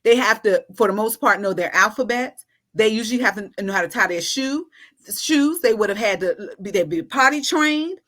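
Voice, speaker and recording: A woman's voice: mid-range voice, expressive, moderate pace, fairly bright tone. A woman guest, an educator, talking casually and emphatically in a podcast conversation. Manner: emphatic and persuasive.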